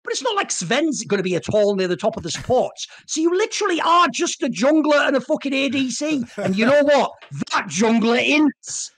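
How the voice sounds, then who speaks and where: Animated ranting man, lively pitch swings. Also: moderate pace, few pauses. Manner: animated, rant-like, swears often. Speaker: esports analyst. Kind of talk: casual podcast banter.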